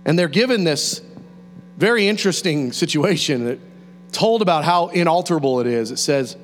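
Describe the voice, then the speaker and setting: Lively, high-voiced male preacher in a hall. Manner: animated, conversational, with quick laughs and restarts. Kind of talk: sermon. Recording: reverberant hall, faint mains hum.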